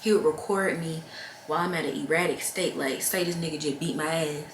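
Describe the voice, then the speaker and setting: Young woman vlogger, low voice, frank and weary, talking to camera in an echoey room. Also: brisk, a little hiss or hum. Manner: frank, heavy-hearted, addresses viewers directly. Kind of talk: candid personal storytelling to camera. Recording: roomy echo with faint ambience.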